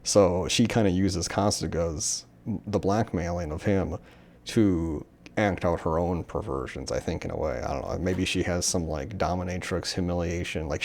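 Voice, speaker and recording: A young man with a deep, low-pitched voice talks casually about a manga he has read. He rambles and fills his sentences with "like" and "um", and now and then slips into the characters' lines. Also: gravelly, darkish tone. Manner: rambling, many fillers, acts out character lines. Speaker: manga reviewer. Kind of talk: casual solo discussion.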